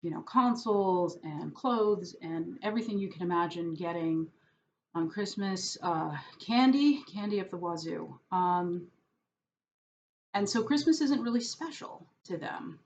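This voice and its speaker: Woman vlogger: unhurried, somewhat low voice, hesitant and full of fillers, dry sarcastic humor; dull lo-fi recording. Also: animated. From New York. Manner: hesitant, many fillers and restarts; wry, self-deprecating sarcasm. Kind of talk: casual rambling monologue. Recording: dull lo-fi audio with faint background noise.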